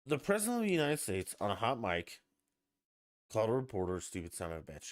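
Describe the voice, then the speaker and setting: A man hosting a casual solo podcast, talking in an animated, sarcastic and profane way. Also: medium pitch, fast. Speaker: podcast host.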